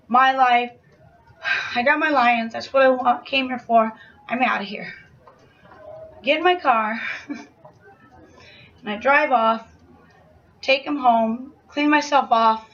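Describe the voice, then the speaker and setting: A young woman telling a personal story to camera in a casual, animated way, full of "like" and acted-out quotes. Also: high voice, highs cut off. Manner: animated retelling, acts out quoted shouts, frequent "like" fillers.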